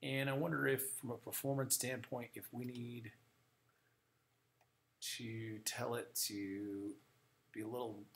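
A man's voice: medium pitch, level tone, a little slow, vocal fry, pauses often, a bit bright. Man muttering through a class demo. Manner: thinking aloud, muttering while searching the screen. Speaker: music teacher. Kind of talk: live class software demo. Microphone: moves around the room away from the mic.

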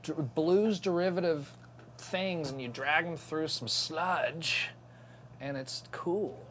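A man hosts a relaxed guitar show in a playful, rambling voice that sits a little high. He jokes and laughs easily while he chats. A faint background hiss runs under the talk. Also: slow. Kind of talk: casual chat about guitar.

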